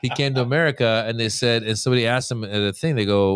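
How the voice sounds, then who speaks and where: A man, a comedian guest on a podcast, telling jokes in casual chat and acting out quotes in lively voices. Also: medium pitch, very fast, hardly any pauses, clean tone, no room sound, studio quality. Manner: animated storytelling, acts out quotes.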